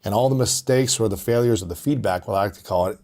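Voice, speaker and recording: A man's voice: lowish voice, fast talker, darkish tone. A man interviewing a guest and asking curious, probing questions, drawing on his past as an athlete. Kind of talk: interview conversation.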